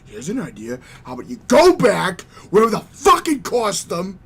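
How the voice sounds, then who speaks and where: A man from the United States ranting angrily to camera as a vlogger, shouting and swearing heavily into his own recording setup. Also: sits high, big pitch swings, a little slow, creaky, few pauses, husky. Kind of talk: angry profane rant to camera. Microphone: own recording setup with adjustable gain.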